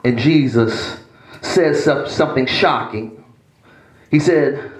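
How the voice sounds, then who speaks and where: A man's voice: slow, long pauses, echoey room, poor audio. A man, a pastor, preaching a sermon with emphatic, dramatic delivery. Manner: emphatic, dramatic swings between low and raised delivery. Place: church.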